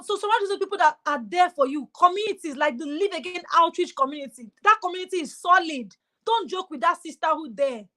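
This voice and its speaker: Woman, high-pitched, emphatic and exhorting, repeats phrases, motivational webinar talk. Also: a bit bright. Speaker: motivational speaker.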